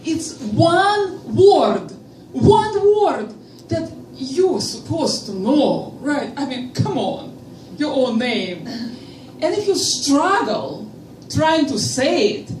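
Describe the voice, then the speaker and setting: A woman with a Russian accent performing a stand-up comedy set, with a slow, deliberate delivery and playful pauses. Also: high voice, big pitch swings, darkish tone, a little hiss or hum. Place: comedy stage before a live audience. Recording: roomy live venue, from a distance.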